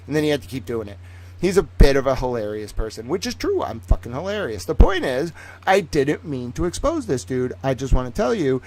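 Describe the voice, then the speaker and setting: This is a man on a livestream talking fast and loose, full of sarcasm and swearing. He keeps slipping into little acted-out exchanges between imagined people, and his voice sits in an ordinary middle pitch. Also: low-quality recording. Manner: animated, sarcastic, swears freely, acts out imagined dialogue. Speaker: independent streamer and commentator. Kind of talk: profane rambling monologue.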